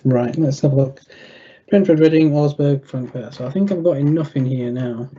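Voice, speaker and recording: A young man giving betting tips over a video call, thinking aloud in a halting way with many fillers and restarts. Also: medium pitch, mellow, slightly rough, muffled recording. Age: young adult. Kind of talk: thinking aloud while clicking through a screen.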